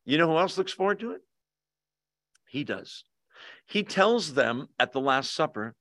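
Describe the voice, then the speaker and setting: A man teaching a Bible study in a relaxed, jokey way, often tossing questions to his listeners. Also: medium pitch, moderate pace, no room sound, clean studio sound. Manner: conversational, jokey, asks the audience questions. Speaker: pastor. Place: church hall, with Zoom viewers.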